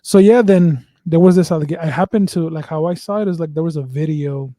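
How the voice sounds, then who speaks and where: A man's voice: on the high side, fairly quick, dark tone, no room sound. A man hosting a podcast, chatting casually, rambling and swearing with lots of fillers and restarts. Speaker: podcast host.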